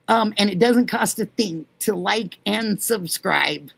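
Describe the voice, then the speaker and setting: Chatting fondly with her livestream audience, this middle-aged host reads their comments and calls each viewer by name. She speaks slowly at a medium pitch with vocal fry and a breathy edge, barely pausing, in a dry recording.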